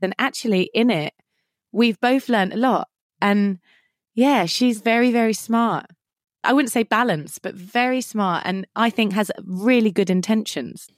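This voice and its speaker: A woman's voice: medium pitch, a little slow, no room sound, studio quality. A woman chatting as a podcast guest, enthusiastic and gushing. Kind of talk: casual chat.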